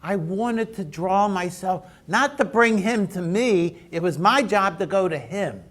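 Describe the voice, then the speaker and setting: A man's voice: sits high, animated, unhurried, fairly bright tone. A man preaching a sermon in a conversational, storytelling way. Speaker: pastor.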